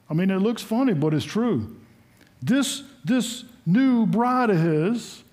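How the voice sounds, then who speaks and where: A man preaching a sermon in a high, bright voice. He reads scripture aloud and then retells it in a folksy, conversational way, often acting out the quoted lines himself.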